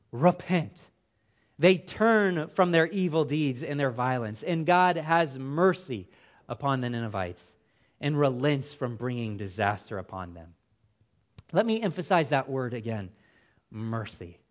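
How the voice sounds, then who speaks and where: A man preaching a sermon, with an expressive, emphatic delivery whose phrases fall away at the ends. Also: fairly high pitch.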